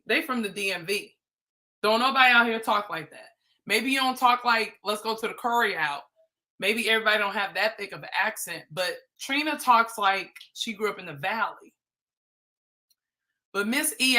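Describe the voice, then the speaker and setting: Bright-voiced woman chatting playfully. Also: mid-range voice. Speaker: livestream host. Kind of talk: casual reality-TV commentary.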